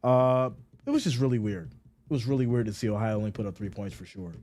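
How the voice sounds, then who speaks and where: A man hosting a casual sports live stream, reading viewer comments aloud and answering them in an animated, mock-exasperated way. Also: mid-range voice, fast talker, a little hiss or hum.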